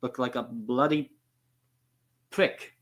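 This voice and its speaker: A man's voice: medium pitch, fairly even intonation, takes it slowly, a bit bright. A man hosting a live football watchalong stream, chatting casually in a rambling, profane, self-mocking way.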